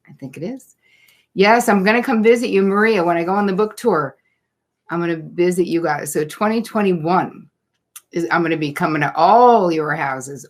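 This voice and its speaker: A middle-aged woman with a slightly low voice welcomes viewers to a live online class from home. She chats casually and greets people by name and place as they arrive. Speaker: host of a live online masterclass. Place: home setup. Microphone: computer setup, looking down at notes.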